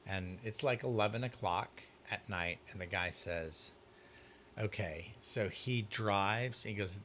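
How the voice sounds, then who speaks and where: Low-voiced man telling a story. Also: slow pace, slight background noise. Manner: animated storyteller, acts out dialogue. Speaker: youth pastor. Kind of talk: casual storytelling.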